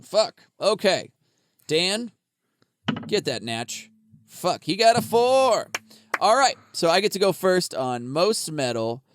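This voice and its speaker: A man co-hosting a casual podcast, talking in loose, rambling bursts, swearing freely and laughing often. His voice is smooth and clear, a little higher than most men's, recorded dry and close to the mic. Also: no room sound. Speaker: podcast co-host.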